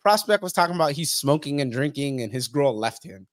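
A man's voice: on the high side, fairly quick, no room sound, studio quality. A young man talking bluntly as a podcast guest, swearing heavily and acting out other people's lines as he tells stories. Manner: animated storytelling, acts out others' lines. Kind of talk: casual interview talk.

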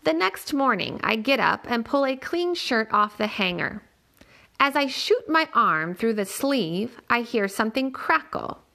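A woman reading a novel aloud in a steady, plain storytelling manner. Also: on the high side, a little slow, gravelly. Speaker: reader.

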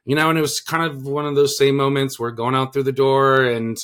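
A man's voice: medium pitch, little pitch movement, brisk, fairly bright tone, smooth. A man co-hosting a podcast, talking earnestly about parenting in a rambling way, restarting his sentences and leaning on filler words. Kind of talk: casual podcast chat.

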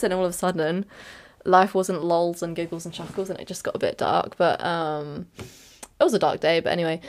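A young woman hosting a podcast, talking through her own experiences in a candid, rambling way and laughing things off. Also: lowish voice. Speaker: podcast host. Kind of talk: candid personal monologue.

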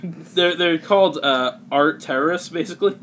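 A man's voice: a little high, normal speed, fairly bright tone, slight background noise. A man casually recapping a comic for friends, rambling with lots of filler words. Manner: rambling, heavy use of "like", laughs often. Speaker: podcast host recapping a comic. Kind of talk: casual chat.

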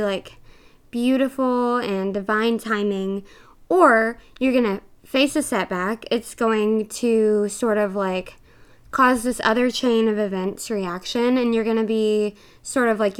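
This young woman's voice sits on the high side, clear and resonant, as she co-hosts a podcast. In her casual monologue she comes across as chatty and earnest, a little out of breath, with plenty of fillers.

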